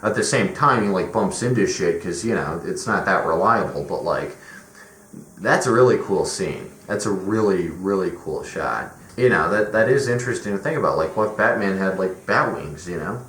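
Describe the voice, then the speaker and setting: Deep-voiced man ranting casually, roomy echo. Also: expressive, moderate pace, a bit bright. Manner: rambling, profane, opinionated, many fillers. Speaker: movie reviewer. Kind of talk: casual spoken movie review. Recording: roomy echo with faint background noise.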